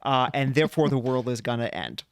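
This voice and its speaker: Brief: male podcast co-host, smooth and resonant, dry close mic, lively casual chat. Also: mid-range voice, fairly quick, no room sound. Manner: animated, playful when paraphrasing old texts.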